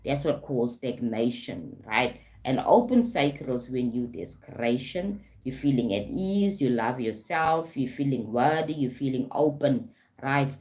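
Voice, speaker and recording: A woman's voice: rumbling low, lively intonation, a little slow, darkish tone. A woman with a South African accent, a life coach talking on a live stream, often adding "right?" and "okay?" and greeting viewers.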